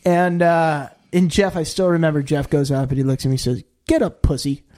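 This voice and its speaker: A man as a podcast guest, telling a long story in a rambling, animated way, often saying "like" and jumping into high quoted voices. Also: fairly quick. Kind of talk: casual storytelling.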